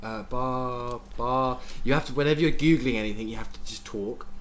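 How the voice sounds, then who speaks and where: A man chatting casually on a podcast, a lively storyteller who swears freely and often restarts his sentences. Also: medium pitch, normal speed, a loud crowd. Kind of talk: casual chat.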